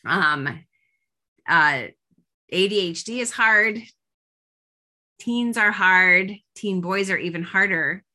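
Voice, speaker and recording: A woman's voice: medium pitch, slow pace, long pauses, bright, forceful tone. A woman in her forties leading a parenting coaching group, talking casually with many fillers and restarts.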